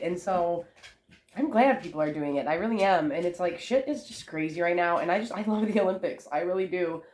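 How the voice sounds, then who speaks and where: A young woman vlogs casually from her family room, her voice sitting on the low side. She rambles from topic to topic and swears freely in a relaxed, chatty way. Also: quick pace. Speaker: vlogger. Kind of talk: casual chat to camera.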